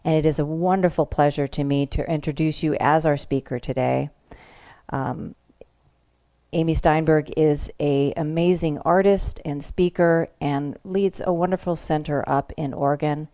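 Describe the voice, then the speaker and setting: A woman's voice: deep voice, fairly even intonation, normal speed, dark tone, dry recording. A woman hosting an online service, graciously introducing the guest speaker. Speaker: host of the service.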